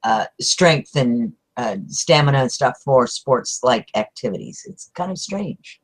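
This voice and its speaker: A woman's voice: rumbling low, expressive, unhurried. A woman hosting a casual chat, enthusiastic and exclamatory. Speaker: host.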